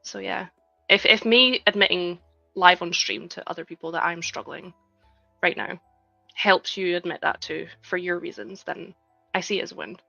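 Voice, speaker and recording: A woman in her thirties talks casually to her live-stream chat, her voice bright with a gravelly edge. The audio is dry and slightly dull, with faint music underneath. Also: fairly low pitch, animated, moderate pace, dry recording. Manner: chatty, reads chat aloud, frequent "like". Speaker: livestreaming LEGO builder.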